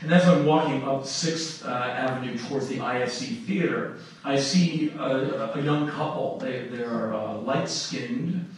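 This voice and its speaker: A middle-aged man telling a story live to an audience, animated and laughing through his telling. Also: medium pitch, a little slow. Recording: echoey room from far off with noise.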